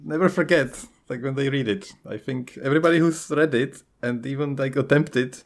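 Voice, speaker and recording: A man's voice: mid-range voice, normal speed. A man co-hosting a book podcast, talking enthusiastically with frequent giggles. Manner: enthusiastic, giggly, many fillers. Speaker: podcast co-host. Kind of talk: casual chat about books.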